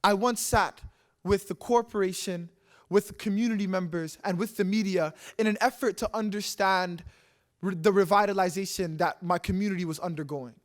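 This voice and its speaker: On a city hall stage, a young Canadian man gives a heartfelt, fervent spoken-word talk full of rhythmic refrains. His voice is high, his intonation fairly even, and his pace normal.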